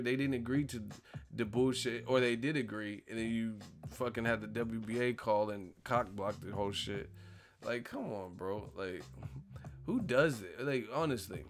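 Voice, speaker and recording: Ranting, gravelly-voiced male streamer. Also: mid-range voice. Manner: ranting, profane, incredulous, laughing at his own points. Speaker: live-stream host. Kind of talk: casual live-stream commentary.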